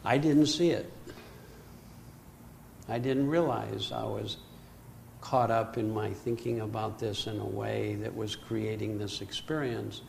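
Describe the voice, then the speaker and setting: An older man telling a personal story in an animated way, acting out his own panic. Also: lowish voice, measured pace, vocal fry, long pauses, a little hiss or hum. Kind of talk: storytelling talk.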